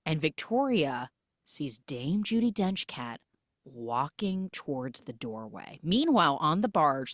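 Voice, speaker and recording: A woman hosting a podcast, retelling a film with jokey, animated storytelling on a close mic. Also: low voice, no echo. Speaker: podcast host. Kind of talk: comic film recap.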